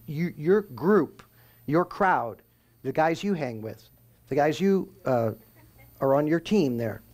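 A man's voice: on the high side, darkish tone. A man preaching a verse-by-verse sermon, explaining scripture in a conversational teaching tone and asking and answering his own questions. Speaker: pastor. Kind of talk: expository sermon.

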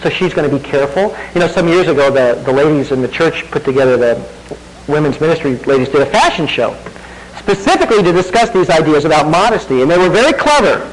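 A man pastor gives a sermon in a relaxed, talky way, tossing rhetorical questions to his listeners. His voice sits fairly high and swings up and down a lot. A faint hum runs underneath. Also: fast talker, poor audio. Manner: conversational preaching with rhetorical questions and self-deprecating laughs.

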